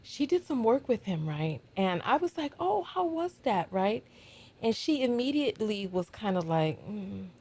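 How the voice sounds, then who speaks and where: A woman hosting a reaction stream in a relaxed, chatty way, telling stories with playful asides. Her voice sits at an ordinary middle pitch. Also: moderate pace. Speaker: reaction show host. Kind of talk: casual chat.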